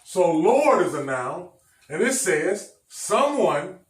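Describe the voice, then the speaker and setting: A male preacher with a high voice teaches a sermon. He speaks emphatically and repeats his phrases for the listeners. The sound is echoey and picked up from some distance away. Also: very animated, slow. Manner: emphatic, repetitive, addresses the congregation directly. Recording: echoey room, mic at a distance.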